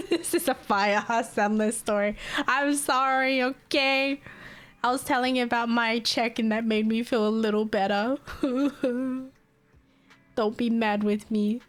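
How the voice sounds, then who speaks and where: A young woman streaming live, chatting casually and telling stories in an animated, exasperated way. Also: fairly high pitch, slow. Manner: chatty, animated storytelling with laughs and exasperated asides. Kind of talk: casual chat.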